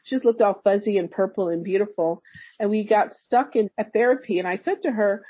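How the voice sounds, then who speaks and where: A woman's voice: mid-range voice, a little fast, slightly rough, no room sound, dull audio. A woman, a therapist and energy healer, guesting on a podcast and telling stories animatedly, acting out the dialogue. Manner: animated storyteller who acts out quoted dialogue. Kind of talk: casual storytelling interview.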